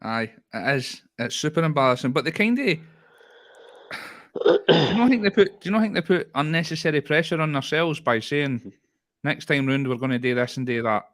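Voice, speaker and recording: A man with a Scottish accent co-hosting a casual football podcast, talking in a lively, rambling way with frequent laughs and restarts. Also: on the high side, brisk. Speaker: podcast co-host.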